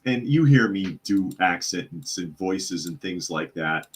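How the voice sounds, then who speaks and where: A man's voice: low-pitched, animated, slow. A man hosting a live news talk podcast, reading out chat comments in a sarcastic, opinionated and rambling way. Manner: rambling with fillers and repeats. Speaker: podcast host.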